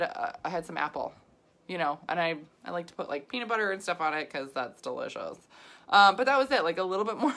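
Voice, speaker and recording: A woman's voice: on the low side, fairly bright tone. A woman nutrition coach talking casually and animatedly, exasperated, with frequent laughs and asides. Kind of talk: casual talk to camera.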